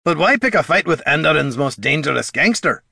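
A man voicing a gruff, blunt male dwarf adventurer who talks in plain, folksy slang, in a dry studio read. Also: a little high, sing-song, a little fast, bright, forceful tone, no room sound, pitched above the performer's own voice, full character voice.

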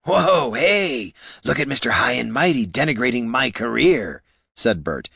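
A man voicing a touchy male kobold purse performer with a raspy voice and quick wisecracking street talk, in a storybook reading. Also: medium pitch, big pitch swings, pushed and bright, no echo, studio quality, pitched above the performer's own voice, exaggerated voice. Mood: indignant.

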